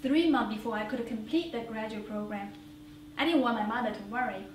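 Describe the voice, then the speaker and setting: A high-voiced woman tells her own story in a one-woman stage monologue, earnest and reflective. Her voice fills a roomy theater and is picked up from a distance, with faint hiss underneath. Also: a little fast. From China. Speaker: solo stage performer. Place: small theater stage before an audience.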